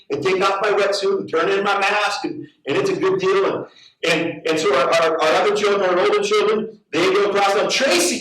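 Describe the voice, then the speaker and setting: This middle-aged pastor, whose voice sits rather high for a man, tells stories through his sermon with animated energy, repeating words as he stumbles toward each build. The recording catches him from far off in a church hall thick with echo.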